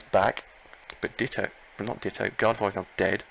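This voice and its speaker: A man commenting live on his own Pokémon battle, excitable, talking to himself and his opponent and repeating phrases. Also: fairly low pitch, fairly quick, slight background noise, poor audio. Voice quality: gravelly.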